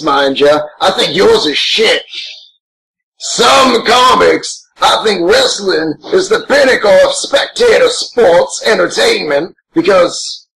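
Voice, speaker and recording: A man's voice: high-pitched, creaky, fairly bright tone, heavily acted, rough recording. A man voicing a gigantic, grouchy green monster as co-host of a crude, rambling in-character watch-along commentary. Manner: crude, brash and rambling, swears a lot.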